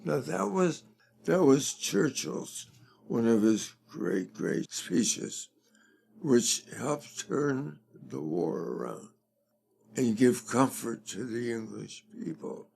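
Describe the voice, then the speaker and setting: An older man, a fundraising expert, talking slowly and deliberately as a guest in a conversational interview. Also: medium pitch, sing-song, vocal fry, a little mellow, breathy edge.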